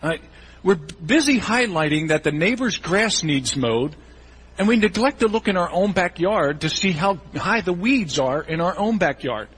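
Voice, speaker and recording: Man, pastor, sermon, animated, fairly high husky voice. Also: normal speed, low-quality recording. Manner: animated, acts out congregation voices in asides. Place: church.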